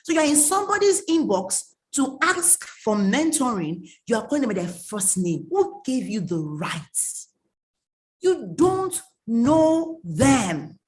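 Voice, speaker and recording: A woman's voice: fairly high pitch, big pitch swings, takes it slowly, darkish tone. A woman, giving an emphatic online coaching talk, scolding and repeating her warnings. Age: late 30s. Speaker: mentoring coach.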